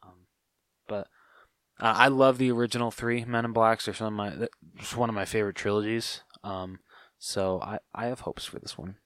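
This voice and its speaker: A man co-hosts a podcast, talking with plenty of ums and restarts and self-deprecating humor. His voice is on the low side and sounds dry and close to the mic, with no room echo. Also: flat delivery, normal speed, fairly bright tone, clear, resonant tone. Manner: hesitant, many fillers and restarts, self-deprecating. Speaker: podcast co-host. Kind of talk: casual chat.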